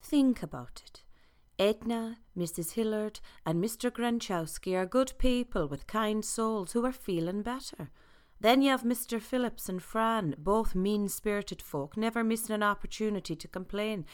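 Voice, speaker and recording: A woman voicing a warm-hearted older woman with a homely, confiding manner. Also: medium pitch, normal speed, natural voice.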